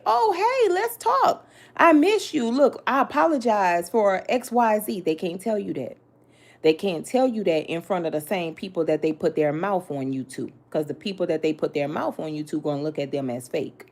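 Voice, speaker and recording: A blunt tarot reader speaks in a low, mellow voice, full of sass. She talks directly to the listener with slang and curse words throughout.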